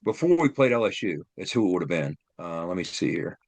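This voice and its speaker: A man with a slightly lower voice, chatting as a podcast co-host. He reminisces in a relaxed way, pausing on fillers as he searches for details. The sound is dry and close-miked. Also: no room sound. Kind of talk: casual sports chat.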